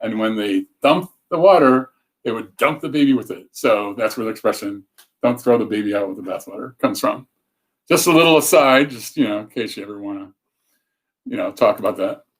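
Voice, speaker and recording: This is a man hosting a casual livestream in a slightly low voice. He talks in a loose, rambling way. He cuts himself off and picks the thread up again. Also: animated, normal speed. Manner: rambling, self-interrupting, chatty. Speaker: show host.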